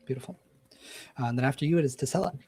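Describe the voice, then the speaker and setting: A man running a tabletop game as game master, describing scenes in a halting, descriptive way. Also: mid-range voice, mellow, slightly rough.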